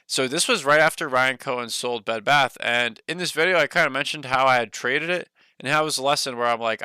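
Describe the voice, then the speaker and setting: A young man talking on a casual stock livestream, rambling on with plenty of fillers. His voice is bright and smooth, and it sits dry and close with no room sound. He is a little short of breath. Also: medium pitch, dry recording. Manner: rambling, loose talk full of "like" and "you know". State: a bit out of breath.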